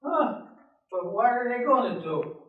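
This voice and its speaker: A man's voice: very high-pitched, lively intonation, measured pace, narrow, tinny audio. An older man playing an exasperated grown son who pleads with his mother on the phone, in a flustered, placating manner. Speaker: amateur skit performer. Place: senior center hall. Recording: echoey hall from far off.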